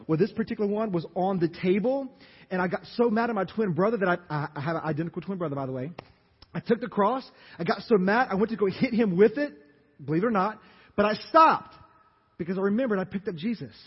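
A pastor from Louisiana with a Louisiana accent, preaching an animated sermon and asking the congregation questions. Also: male voice, high voice, fast talker, slightly rough. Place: church sanctuary. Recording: dull audio, long hall reverb.

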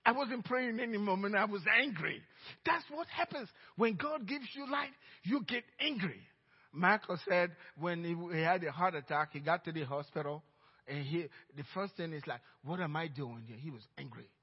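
A middle-aged man with a Nigerian accent preaching a sermon as pastor, telling stories emphatically and swinging between loud outbursts and hushed asides. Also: sits high, animated, normal speed, breathy edge. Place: church sanctuary. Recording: dull reverberant church recording.

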